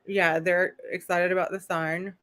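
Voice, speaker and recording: A woman's voice: fairly low pitch, little pitch movement, unhurried, a bit bright. A woman hosting a casual live-stream recap of a documentary, talking in a chatty, rambling way with laughing asides. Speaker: host.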